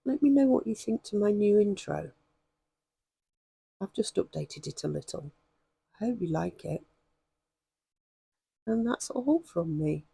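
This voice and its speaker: A woman with a hoarse voice, chatting and rambling with many ums as she demonstrates stitching in a craft vlog. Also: fairly low pitch, warm tone, no room sound. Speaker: craft vlogger.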